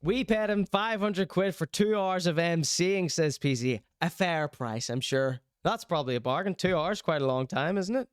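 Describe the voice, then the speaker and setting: A man's voice: on the high side, expressive, moderate pace, hardly any pauses, smooth, no echo. A young Irish man hosting a live-streamed chat show, reading out chat and teasing viewers in rambling, jokey banter. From Ireland. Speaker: livestream host.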